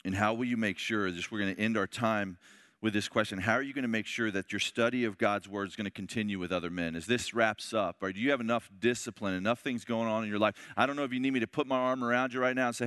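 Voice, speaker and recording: A man preaching to a men's Bible study in an impassioned way, moving from shouts to hushed words. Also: mid-range voice, fairly even intonation, fast talker, no echo, studio quality. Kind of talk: sermon.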